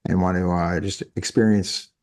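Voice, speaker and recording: A man's voice: low voice, steady tone, moderate pace, a little mellow. A man in his fifties hosting a casual interview, rambling and correcting himself as he goes. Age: 50s. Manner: rambling, self-correcting, chuckles often. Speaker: podcast host. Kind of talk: casual conversation. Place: living in France.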